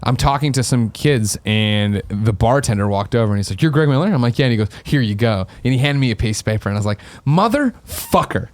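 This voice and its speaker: A man's voice: on the low side, no room sound. A man co-hosting a podcast, telling stories in casual chat and acting out what people said in raised voices. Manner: fast, animated, acts out quotes in raised voices. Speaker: podcast co-host.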